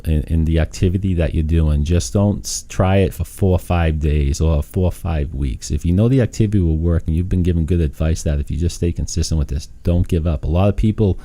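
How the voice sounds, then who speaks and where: Casual interview guest: man, very low and mellow voice, loose and chatty. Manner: chatty, laughs easily, many fillers and restarts. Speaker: real estate agent guest.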